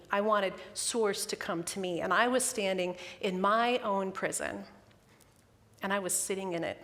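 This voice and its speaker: A middle-aged woman minister giving a candid, personal sermon, emotional and close to tears. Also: medium pitch. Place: church sanctuary. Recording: long hall reverb.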